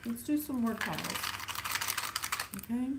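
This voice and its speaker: A woman giving a casual psychic reading, thinking aloud with sighs and halting pauses. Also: fairly high pitch, animated, very noisy. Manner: musing, sighing, thinking aloud; slow, halting, counts things off one by one. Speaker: psychic reader. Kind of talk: casual spirit reading to camera.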